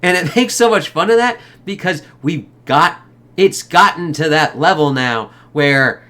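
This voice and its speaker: A man's voice: fairly high pitch, lively intonation, unhurried, bright, forceful tone. A man giving a casual spoken movie review, rambling loosely, swearing a lot and laughing often.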